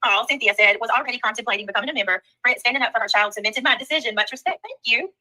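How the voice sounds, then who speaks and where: A Southern woman hosts a livestream, talking fast and greeting viewers one after another. Her voice is bright and sharp, pitched a little high, with quick casual chatter. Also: poor audio. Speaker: livestream host. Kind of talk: casual livestream chat reading comments.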